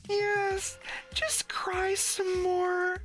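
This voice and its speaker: A smug, taunting little schoolboy. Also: male voice, monotone, very slow, loud music behind the voice, heavily acted. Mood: whispered taunt. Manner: high sing-song mocking drawl.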